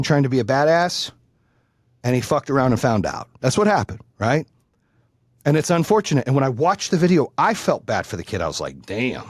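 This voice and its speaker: A podcast host tells a casual story in a blunt, profane way, and he gets more heated as it goes. His voice is mid-range and the recording is studio quality with no room sound.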